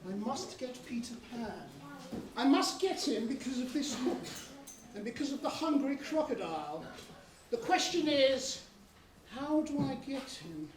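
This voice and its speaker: Pompous pirate captain Hook. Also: female voice, high-pitched, big pitch swings, slow, full character voice. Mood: scheming. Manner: theatrical, shouting orders, scheming. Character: blustering pompous pirate captain, villainous man. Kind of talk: amateur stage pantomime. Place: village hall stage. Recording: echoey hall, far from mic.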